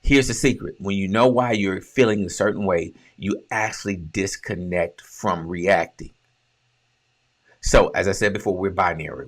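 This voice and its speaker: A man with a low, deep voice delivers a relationship coaching talk. He speaks emphatically and conversationally, posing questions and answering them himself like a teacher. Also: fairly bright tone. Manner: conversational, with colloquial phrasing.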